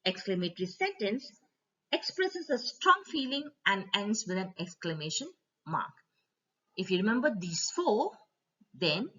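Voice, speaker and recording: A woman teacher giving a slide-based grammar lesson, speaking to children and repeating each rule slowly. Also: medium pitch, bright, forceful tone, breathy edge. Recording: dull lo-fi voice recording.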